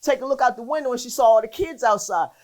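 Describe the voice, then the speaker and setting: A high-voiced woman tells a story as a guest on a cooking show, punching in sound effects as she goes. She acts out the other people's voices. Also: fast. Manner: animated storyteller with sound effects and acted-out quotes. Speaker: guest, world champion athlete.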